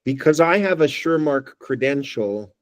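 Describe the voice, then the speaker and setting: A man's voice: medium pitch, animated, moderate pace, no room sound. A man giving a talk at a working group meeting, thinking aloud with wry asides and frequent restarts. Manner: thoughtful, wry, restarts phrases. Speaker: guest speaker. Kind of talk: presentation with discussion.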